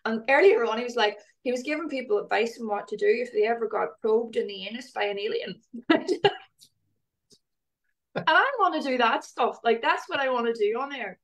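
A woman guest in casual conversation, chatty and animated, laughing often as she talks. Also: fairly high pitch, normal speed.

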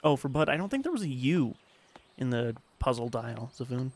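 A man's voice: medium pitch, lively intonation, normal speed, a little hiss or hum. A man streaming a puzzle game, rambling and self-mocking while reading game text aloud. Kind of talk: casual game commentary.

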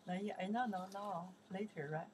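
A woman teacher with a Chinese accent talks through a vocabulary lesson in a slow, patient way. Her voice sits at a middle pitch, and she keeps checking in with "okay". A faint hiss of room noise runs under her voice. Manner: patient, repetitive, says "okay" often, drills words loudly.

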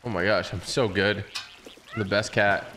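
A man's voice: fairly low pitch, fairly even intonation, normal speed, a little hiss or hum. A young man giving casual, joking commentary while playing a video game, teasing the characters and meowing along. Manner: playful, banters with the game, meows along loudly. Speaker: gaming YouTuber. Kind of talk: casual let's-play commentary.

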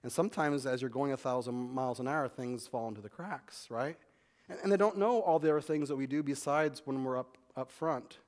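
A man's voice: mid-range voice, darkish tone. A man pastor preaching a sermon in a conversational way, often restarting and repeating words. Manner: conversational preaching, acts out quick back-and-forth dialogue.

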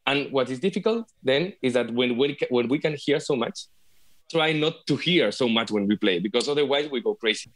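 A man with a Spanish accent talks as a guest over a video call, speaking English as a second language. His pitch sits in the middle range, and his speech halts with frequent restarts and repeated words. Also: expressive, brisk. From Spain. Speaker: flute player guest. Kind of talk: casual video call interview.

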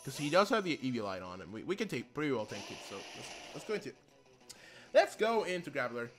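Excitable young man narrating his gameplay. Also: mid-range voice, fast talker. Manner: excitable, swears, apologizes a lot. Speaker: let's play gamer. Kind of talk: casual gameplay commentary. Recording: game music behind the voice. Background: faint game music.

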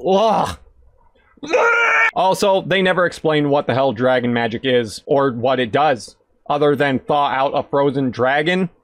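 A man streaming video games, giving sarcastic, excitable commentary that bursts into shouts. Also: medium pitch, a little slow. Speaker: gaming streamer. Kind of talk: casual gameplay commentary.

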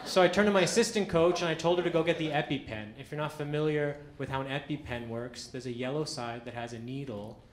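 A man performing a stand-up comedy set on a club stage, telling deadpan stories with acted-out quotes. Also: medium pitch. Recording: echoey club with audience noise. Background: audience laughter.

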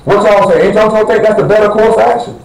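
A man's voice: high voice, fairly even intonation, quick pace, vocal fry, reverberant, rough recording. A man preaching a sermon to his congregation in a blunt, conversational way, questioning the listeners directly. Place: church assembly hall.

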